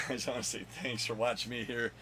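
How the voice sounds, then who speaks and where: A man hosting his own video countdown of comic finds, rambling and joking with his son off camera, with a slightly hoarse voice. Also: mid-range voice, steady tone, normal speed, sharp tone, slight background noise. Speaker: comic collector and channel host.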